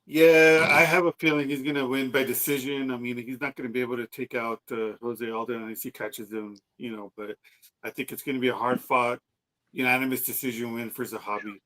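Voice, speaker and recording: A man's voice: mid-range voice, fairly even intonation, fairly quick, sharp tone, low-quality recording. A man with a mid-range voice co-hosts a casual podcast. He gives his picks in an easy, laid-back way, dropping in slang like bro.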